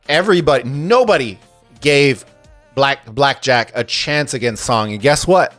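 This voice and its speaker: Excitable male game caster chatting with viewers. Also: medium pitch, a little slow, dry recording, faint music behind. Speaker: streamer and tournament caster. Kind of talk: casual live-stream commentary and chat reading.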